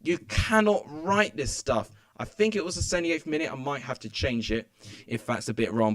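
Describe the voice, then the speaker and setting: A young man giving excitable, rambling commentary as he live-streams a football match from home. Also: on the high side, moderate pace. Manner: excitable, rambling, many fillers. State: out of breath. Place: home room.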